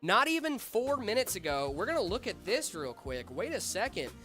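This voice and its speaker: Young male stream host, voice slightly off from illness, animated, chatty, rambling. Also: high voice, moderate pace, faint music behind. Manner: chatty, rambling with fillers and asides to chat. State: voice slightly off after being sick. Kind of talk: casual livestream tech chat.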